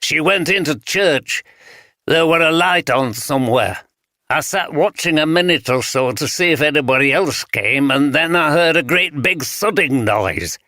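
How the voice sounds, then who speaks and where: A suspicious homeless man with a broad Yorkshire accent, as an audiobook narrator puts him on. He talks bluntly, in clipped dialect, pitched higher than the narrator's own voice. The voice sits bright and dry, close to the mic. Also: expressive, unhurried, dry recording. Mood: wary. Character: wary scruffy homeless man, gruff and suspicious.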